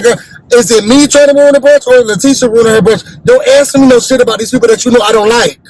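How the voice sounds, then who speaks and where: A man hosting a reality TV recap in an animated, blunt, sassy way, acting out what the cast said. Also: very high voice, fast talker, poor audio. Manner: sassy, blunt, acts out quoted cast members.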